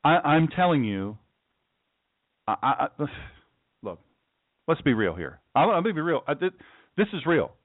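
A man's voice: on the high side, big pitch swings, unhurried, long pauses, no echo. A male talk show host delivering an impassioned political monologue from his studio, emphatic and repetitive, often stammering and restarting as he pushes his point. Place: home studio. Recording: dry, tinny phone-like sound.

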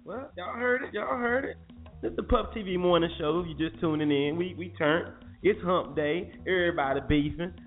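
A man hosts a casual morning talk show, loose and jokey and full of slang. His voice sits a bit high for a man. The sound is thin and phone-like, with faint music in the background. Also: normal speed. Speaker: radio show host.

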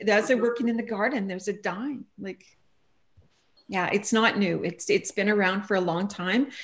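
A woman speaks as an author being interviewed, telling stories in a casual way. She grows animated and acts out the voices of the people she quotes, at a middle pitch. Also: normal speed. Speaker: guest author.

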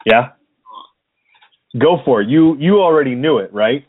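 A man's voice: medium pitch, expressive, unhurried, background noise. A man co-hosting a podcast in casual chat, easygoing and hesitant, with many filler words. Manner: hesitant, lots of ums, easygoing. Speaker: podcast co-host. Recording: dry, phone-like narrow sound.

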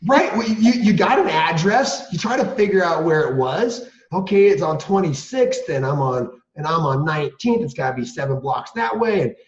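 A middle-aged man, a guest, telling his own story in an earnest and animated way, full of restarts and rhetorical questions. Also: on the high side, moderate pace, hardly any pauses. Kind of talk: candid storytelling. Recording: roomy, dull lo-fi sound.

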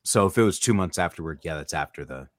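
A man's voice: low voice, lively intonation, quick pace, no room sound, clean studio sound. A man hosting a podcast, chatting casually, joking and asking his co-hosts questions. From California. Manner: jokey, rambling, asks the guests questions. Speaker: podcast host.

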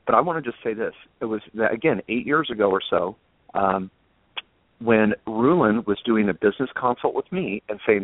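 A man's voice: fairly low pitch, expressive, moderate pace, no echo. A man hosting a talk show panel, speaking in an effusive, casual way and often repeating words. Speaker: host. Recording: tinny phone-like line, dry.

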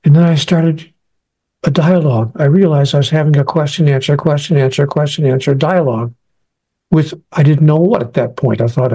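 A man's voice: on the high side, moderate pace, mellow, slightly rough. A man being interviewed as an author, telling a personal story earnestly and acting out the lines he quotes. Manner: earnest, acts out quoted speech.

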